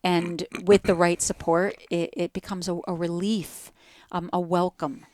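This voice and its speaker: A woman's voice: on the low side, level tone, a little slow, a little mellow, no echo. A woman with a New Jersey accent, a yoga teacher in a podcast conversation, speaking earnestly and stacking short repeated phrases.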